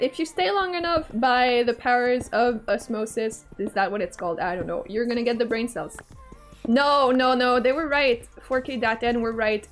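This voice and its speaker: Faint music plays behind this live streamer, a young adult woman at home who talks into a desk mic at a measured pace in a fairly high voice. She reads chat aloud and keeps the casual conversation playful and teasing, laughing often.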